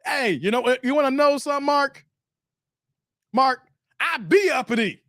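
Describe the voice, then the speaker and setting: A man's voice: very high-pitched, expressive, moderate pace, pushed and bright, no room sound, clean studio sound. A man hosting a casual livestream, reading viewer comments and teasing them playfully with slang. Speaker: livestream host.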